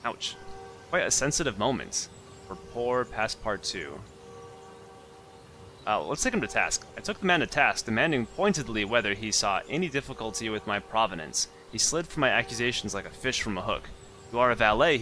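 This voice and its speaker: This let's play host has a lowish, animated voice and a moderate pace. He reads out the game's story text in casual commentary, drifting into chatty, confused tangents while loud game music plays.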